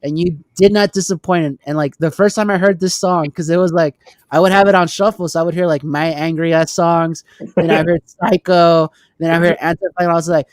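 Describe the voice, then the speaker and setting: Animated man, dry close sound. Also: high voice, brisk, dry recording. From Texas. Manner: animated, swears, laughs often. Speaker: podcast co-host. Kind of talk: casual chat.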